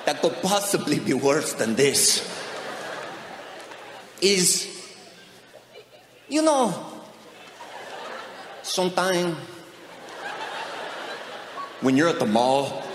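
A man's voice: fairly high pitch, very animated, extremely slow, pauses often, a crowd in the background. A man doing stand-up, telling a sarcastic story about his family. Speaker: comedian. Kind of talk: stand-up comedy. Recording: echoey hall, audience noise.

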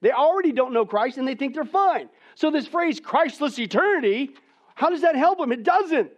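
A man preaching a sermon, switching between hushed pleading and loud, incredulous questioning. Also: very high-pitched, expressive, normal speed, lo-fi sound.

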